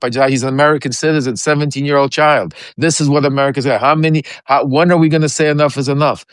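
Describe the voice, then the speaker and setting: A man's voice: medium pitch, fairly even intonation, quick pace, hardly any pauses, clean tone, no room sound, clean studio sound. A man on a live-stream political talk show, speaking with passion, repeating himself and restarting often. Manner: impassioned, repeats phrases, many fillers and restarts. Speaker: guest.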